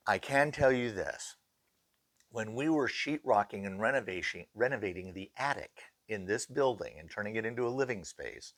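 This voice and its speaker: A middle-aged man casually telling ghost stories as an innkeeper, lively and acting out the voices of the people he quotes. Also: lowish voice, dry recording, clean studio sound. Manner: animated, acts out quoted voices. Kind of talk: casual storytelling.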